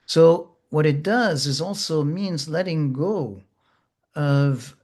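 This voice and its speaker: Slow, gentle male therapy teacher. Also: fairly high pitch. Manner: slow, gentle, measured with pauses and fillers. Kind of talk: reflective teaching talk.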